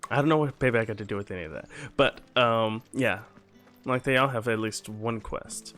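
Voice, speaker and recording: A man's voice: medium pitch, moderate pace, a bit bright, soft background music. A man giving offhand, rambling commentary while playing a video game. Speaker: gamer. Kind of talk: casual gameplay commentary.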